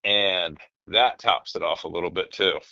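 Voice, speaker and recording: A man in casual podcast chat, telling rambling, animated stories and swearing often. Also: low-pitched, normal speed, gravelly, no echo, lo-fi sound.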